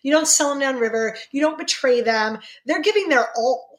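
A middle-aged woman speaks as an interview guest in a somewhat high voice. She sounds fervent and indignant, and her pitch leaps upward whenever she drives a point home. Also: normal speed. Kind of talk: impassioned interview answers.

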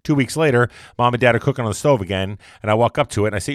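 A man's voice: mid-range voice, racing, no room sound, studio quality. A man giving a casual motivational monologue, rambling and repeating himself as he talks. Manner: rambling and repetitive, conversational.

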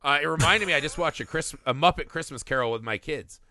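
Animated, profane man with a bright voice. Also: fairly high pitch, fast, no room sound, clean studio sound. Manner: animated, profane, acts out quotes. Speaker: podcast co-host. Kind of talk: casual movie discussion.

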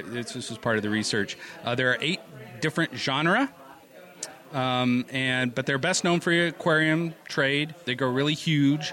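A man co-hosting a podcast in casual chat, animated and laughing often as he reads out stories. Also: medium pitch. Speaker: podcast co-host.

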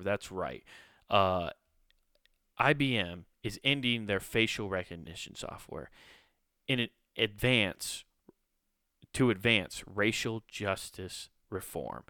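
Man, podcast host, low voice, smooth tone, dry close sound, rambling, sarcastic, swears a lot. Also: sharp tone, dry recording. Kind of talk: casual comedic rant.

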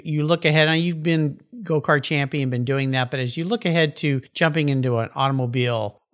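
A man's voice: on the high side, a bit bright. A man hosting an interview, asking long, loosely built questions and giving short affirmations. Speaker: show host, interviewer.

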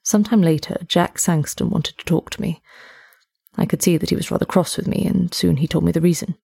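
Gravelly-voiced woman reading a ghost story. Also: lowish voice, steady tone, fairly quick, mellow, dry recording, clean studio sound. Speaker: story narrator. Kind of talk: scripted story narration.

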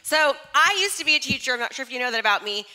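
A woman in her forties giving an energetic, chatty stage talk and drawing the live audience in, a little nervous. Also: high voice, very fast. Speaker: motivational speaker.

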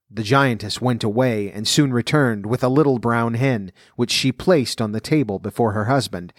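A man's voice: mid-range voice, moderate pace, hardly any pauses, no room sound. Man reading a fairy tale, dry close sound. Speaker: storyteller. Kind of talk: scripted narration of a fairy tale.

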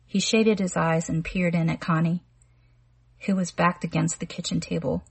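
A woman with a husky, fairly low voice reads a literary story aloud. Her delivery is measured and calm. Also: dry recording. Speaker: audiobook narrator.

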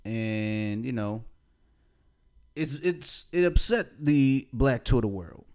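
Man, podcast co-host, relaxed casual talk, laughs a lot, repeats himself. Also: medium pitch, takes it slowly, clear, resonant tone. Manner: laid-back, laughs often, repeats phrases. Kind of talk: casual chat.

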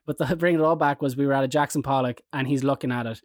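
An Irish man telling rambling anecdotes in casual chat, jumping into animated quoted voices. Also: medium pitch, racing, dry recording, studio quality. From Ireland.

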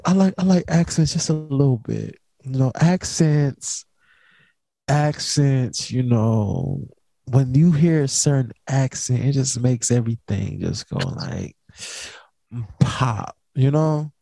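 Young man, podcast host, laid-back slangy rambling, mellow tone, dry close sound. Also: mid-range voice, vocal fry, dry recording. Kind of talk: casual late-night podcast chat.

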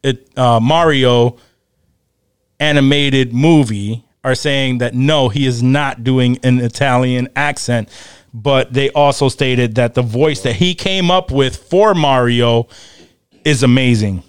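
A man's voice: mid-range voice, takes it slowly, clean tone, no echo, studio quality. A man hosting a podcast, chatting casually with friends, laughing often and swearing freely. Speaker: podcast host.

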